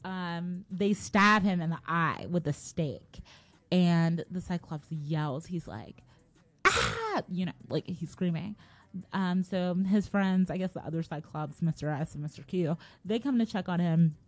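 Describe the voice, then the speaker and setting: A woman's voice: on the low side, unhurried, no echo. A young woman casually retelling a story in a rambling, slangy way, full of fillers and laughs.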